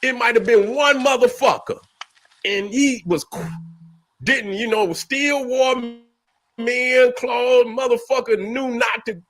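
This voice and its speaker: A man's voice: extremely high pitch, slow, a bit bright, faint music behind. A middle-aged man giving a profane, repetitive, preachy commentary rant as host. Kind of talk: ranting commentary.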